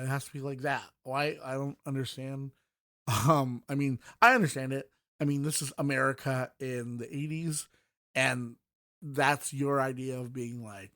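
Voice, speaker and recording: A man's voice: medium pitch, steady tone, normal speed, pushed and bright, no echo, clean studio sound. A man hosting a podcast, reviewing books in casual, rambling talk full of fillers and restarts. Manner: mocking voices when quoting. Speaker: podcast host.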